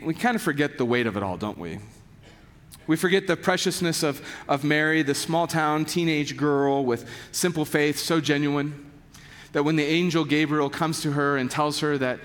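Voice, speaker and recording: A man preaching a sermon in a conversational, animated way, sometimes dropping his voice low for emphasis. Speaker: pastor. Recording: echoey hall.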